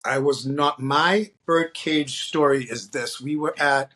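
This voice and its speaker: A middle-aged man from the Boston area, a guest drag performer, telling animated stories and acting out the voices of the people in them. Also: fairly high pitch, slow. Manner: animated storyteller, acts out quoted voices. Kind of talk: storytelling interview.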